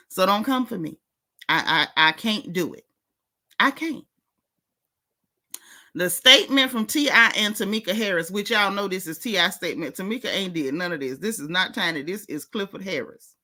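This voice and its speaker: A woman's voice: mid-range voice, expressive, moderate pace, long pauses, bright, forceful tone. A woman hosting a gossip vlog, talking straight to her viewers in sassy, teasing, slangy casual speech. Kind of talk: casual celebrity gossip commentary.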